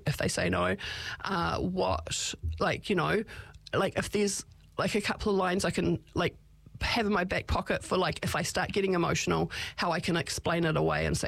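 Creaky-voiced, chatty advice talker. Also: medium pitch, fairly bright tone, dry recording. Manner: chatty, filler-heavy with frequent restarts. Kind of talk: casual advice talk.

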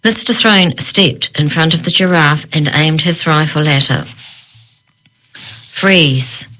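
A woman's voice: deep voice, moderate pace, bright, forceful tone, rough recording. A woman reading a children's storybook aloud, narrating steadily and lifting her voice for each character's lines. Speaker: audiobook narrator.

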